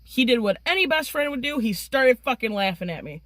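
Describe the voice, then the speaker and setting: A woman telling a story in a casual, excitable way, swearing freely. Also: fairly high pitch, brisk, no room sound, clean studio sound. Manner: profane and excitable.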